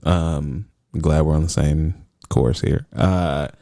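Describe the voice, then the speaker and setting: A man's voice: rumbling low, slow pace, gravelly, dark tone, no room sound, clean studio sound. A man co-hosting a podcast, chatting casually in a laid-back, slangy way and laughing often. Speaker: podcast co-host. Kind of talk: casual chat.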